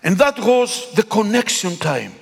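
Male pastor, Greek native speaker, lively sermon delivery with a husky edge, reverberant sanctuary. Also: sits high, unhurried. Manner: animated preaching, pleading and swelling to calls. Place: church. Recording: long echo of a big hall.

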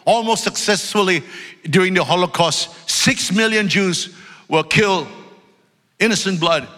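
High, bright-voiced preaching man. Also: measured pace. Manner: emphatic, loud, swings between shouting and low storytelling asides. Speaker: pastor. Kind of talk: preaching a sermon. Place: church sanctuary. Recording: long reverb of a large hall.

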